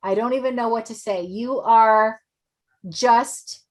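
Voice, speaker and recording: Woman host, slightly high voice, effusive, gushing, repeats herself, video call. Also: takes it slowly. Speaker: event host. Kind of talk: emotional online event hosting.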